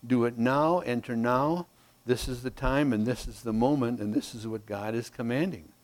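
A man preaching, in a voice of ordinary pitch. He drives his points home with repeated paired phrases, then sinks to a soft, low delivery. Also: normal speed. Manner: emphatic contrasting repetition, drops to quiet. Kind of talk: sermon.

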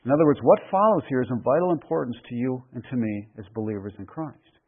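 Male preacher, husky voice, emphatic and deliberate, narrow phone-like radio sound. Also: mid-range voice, lively intonation. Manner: emphatic, deliberate, repeats key phrases. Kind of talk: expository sermon.

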